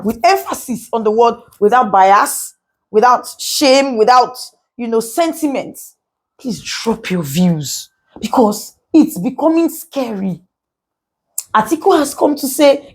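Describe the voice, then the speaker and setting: A Nigerian woman, a lawyer, giving a casual commentary vlog to her followers, animated and full of rhetorical questions, repeating phrases for emphasis. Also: a little high, slow pace, slightly rough.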